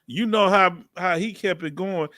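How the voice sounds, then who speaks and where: A man's voice: high voice, measured pace, sharp tone, no echo, clean studio sound. A man with a Southern accent hosting a live chat Q&A, asking direct, probing questions in casual slang. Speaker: channel host.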